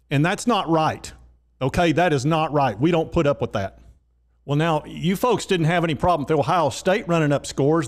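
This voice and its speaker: A man's voice: on the high side, lightly acted. A man voicing a condescending male sensitivity trainer who lectures and takes offense easily.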